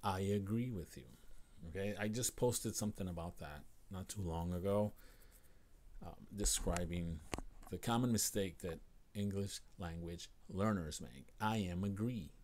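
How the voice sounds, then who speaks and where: An American man teaching English on a live stream, greeting viewers and repeating phrases slowly and with emphasis. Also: low-pitched, a little mellow. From United States.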